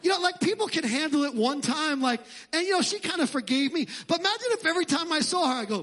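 A middle-aged man preaching a sermon as pastor, animated and joking, shouting at times. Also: very high voice, quick pace, hardly any pauses.

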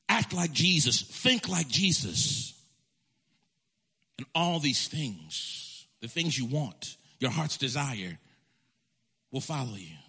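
A male pastor delivers a storytelling sermon, animated and emphatic, repeating and restarting his phrases as he builds. His voice sits a little above the male norm and sounds bright and forceful. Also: fairly high pitch, breathy edge.

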